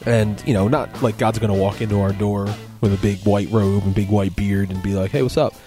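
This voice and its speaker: A man's voice: on the low side, flat delivery, brisk, warm tone, soft background music. A man co-hosting a faith radio show in casual, rambling talk, full of asides and jokes. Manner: rambling, joking, lots of "you know".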